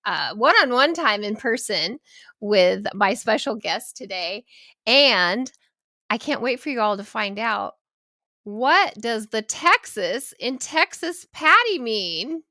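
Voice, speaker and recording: A woman hosting a podcast, chatting with her guest in a warm, gushing way and laughing easily. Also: on the high side, big pitch swings, takes it slowly, no room sound, clean studio sound. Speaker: podcast host. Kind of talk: casual interview chat.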